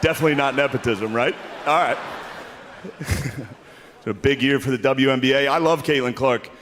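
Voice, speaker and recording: A man performing stand-up comedy in a live show, with a crude, deadpan delivery, often laughing at his own jokes. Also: medium pitch, normal speed, a little hiss or hum. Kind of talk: stand-up set before a live audience. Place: large hall with a live audience. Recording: stage mic in a reverberant hall with loud crowd laughter.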